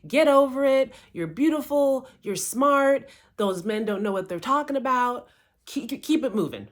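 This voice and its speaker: A woman's voice: high-pitched, animated, unhurried, voice pushed up. A woman putting on a blunt, scolding older friend. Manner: loud, scolding, no-nonsense.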